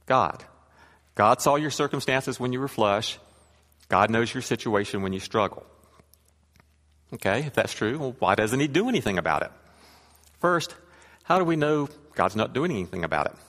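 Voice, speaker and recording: A man's voice: mid-range voice, a bit bright, big-room sound. A man giving a sermon in a conversational, wry way, with scripture reading and asides. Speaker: preacher.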